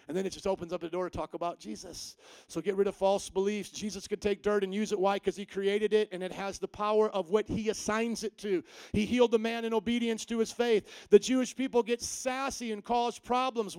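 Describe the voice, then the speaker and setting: A man preaching a sermon, animated and full of rhetorical questions to the congregation. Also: high-pitched, fast talker, smooth, no echo. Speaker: pastor.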